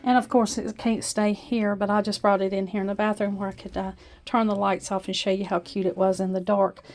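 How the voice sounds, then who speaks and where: A woman's voice: mid-range voice, level tone, fairly quick. A woman at home in her kitchen with an Appalachian accent, chatting homily through her decorations in a casual vlog. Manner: homey, chatty, with frequent uh fillers. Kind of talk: casual show-and-tell vlog.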